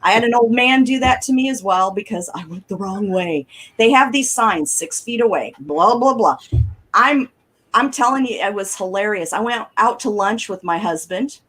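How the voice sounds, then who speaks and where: A middle-aged woman, telling animated stories on a talk show and acting out the people she quotes. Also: medium pitch, moderate pace. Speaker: guest caller. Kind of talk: casual storytelling on a talk show.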